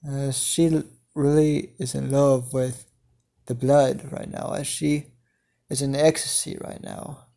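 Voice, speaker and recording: A man improvising a dark fan story, halting and full of fillers as he strings clauses together. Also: mid-range voice, level tone, gravelly. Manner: halting, many fillers and restarts, chained "as she" clauses. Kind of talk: improvised fan-fiction narration.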